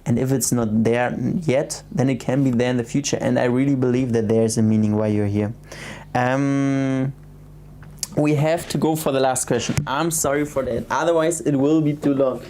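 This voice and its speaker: Young German-accented male streamer, casual late-night chat, soft and hesitant delivery, medium pitch. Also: steady tone, moderate pace, a little hiss or hum. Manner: soft-spoken, hesitant, many restarts and fillers. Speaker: livestream host.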